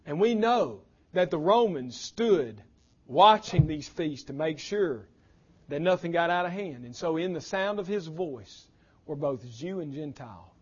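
Impassioned high-voiced male pastor preaching. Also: expressive, measured pace, slightly rough, dull audio. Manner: impassioned preaching, swings from loud to hushed. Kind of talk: sermon.

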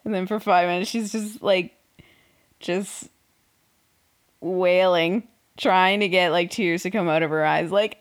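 Sarcastic young woman, slow and drawling. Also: lowish voice. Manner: sarcastic, swearing, laughing often. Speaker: podcast host recapping a reality show. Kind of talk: casual chat.

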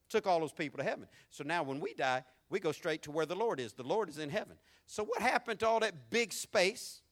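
Male pastor, high bright voice, preaching in a folksy style with big swings from loud to hushed. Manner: preaching with sweeping shifts between shouted and hushed delivery; folksy and conversational. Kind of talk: sermon.

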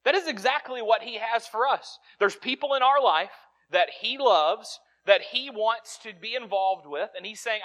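High, bright-voiced male preacher. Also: lively intonation, normal speed. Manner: conversational, earnest preaching with frequent restarts. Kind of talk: sermon.

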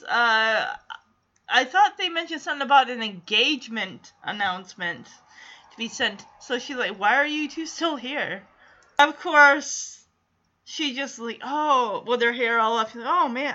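A woman with a high, bright voice recaps a TV show in a chatty, animated way, her pitch leaping about. The recording is dull and lo-fi. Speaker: TV recap vlogger. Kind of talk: casual recap with clips.

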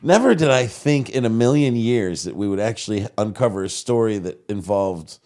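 A man hosting a talk show, reacting with excitable laughter in casual chat. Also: lowish voice, moderate pace. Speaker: show host.

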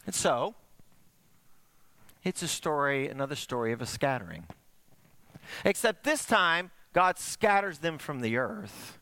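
A male pastor preaching a sermon, telling stories with animated swings between raised and hushed delivery. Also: unhurried, long pauses, no echo. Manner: animated storytelling, swooping between high and hushed.

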